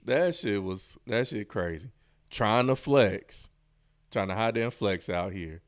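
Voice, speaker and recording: Lively slangy man reacting, dry mic. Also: on the low side, slow pace, dry recording. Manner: laughing, animated, slangy. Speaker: podcast host reacting to clips. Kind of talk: casual reaction commentary.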